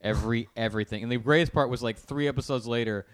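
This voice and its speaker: Podcast guy, mid pitch, deadpan mock-serious jokes, kinda slow. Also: clear, resonant tone. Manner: dry, mock-earnest jokes, often slow and drawling. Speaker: podcast co-host. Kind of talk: casual chat.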